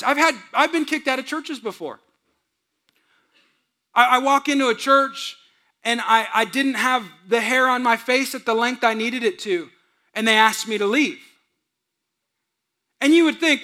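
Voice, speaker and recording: Preacher guy telling stories in his sermon, acts out the voices, real high and bright. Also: a little slow, pauses often. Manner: storytelling, acts out quotes, laughs with the audience. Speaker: pastor.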